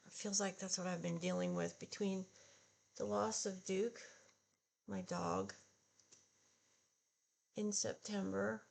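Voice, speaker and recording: Older woman in her 60s, slow gravelly voice, talking low and down while doing her makeup. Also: expressive, a little mellow. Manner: slow, subdued and halting, with sighs. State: upset and discouraged. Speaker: beauty vlogger. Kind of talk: casual get-ready-with-me chat.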